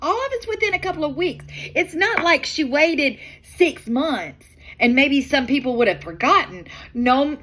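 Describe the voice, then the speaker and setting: A middle-aged woman talks through video clips in an unhurried, drawn-out way, sounding exasperated as she questions what she has just shown. Her voice sits fairly high, and she lets her words stretch out slowly. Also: expressive, a bit bright. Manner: slow, drawn-out, chatty and exasperated. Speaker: commentary channel host. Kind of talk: casual commentary on video clips.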